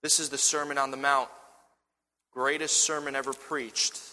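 A man preaching a sermon, telling a personal story with lively restarts and fillers before moving into a scripture reading. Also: medium pitch, normal speed, in a large hall. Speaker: pastor.

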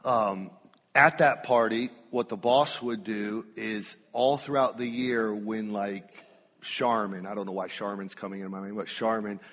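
A man preaching a sermon, telling a personal story with emphatic, drawn-out phrasing. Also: lowish voice, steady tone, a bit bright, big-room sound.

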